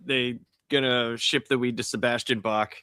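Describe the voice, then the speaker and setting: A man on a casual panel. He tells stories in a lively, profane way and laughs as he goes. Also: mid-range voice, normal speed, clean tone, no room sound. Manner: animated, profane, laughs while telling stories.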